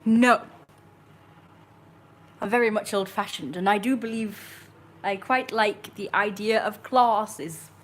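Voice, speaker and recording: A woman's voice: medium pitch, a little slow, a little hiss or hum. A woman chatting on a livestream, rambling and correcting herself as she goes. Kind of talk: casual livestream chat.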